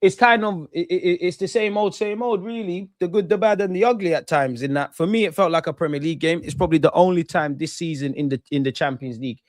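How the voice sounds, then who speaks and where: A young man hosting a football watchalong reacts casually after the match in fast, slangy, animated bursts with few pauses. His slightly high voice sounds close and dry on the mic, and he swings between heated rants and calmer match analysis.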